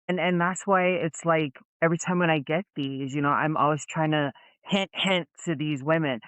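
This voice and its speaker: A woman from American Samoa, a podcast guest, telling her story in an animated, expressive way and acting out the quoted voices. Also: low-pitched, normal speed, dry recording. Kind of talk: casual storytelling interview.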